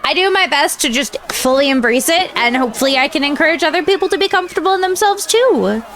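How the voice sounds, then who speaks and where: A woman's voice: sits high, lively intonation, quick pace, a bit bright, a little hiss or hum. A bubbly, chatty woman streamer who giggles as she talks to her chat while reacting to videos.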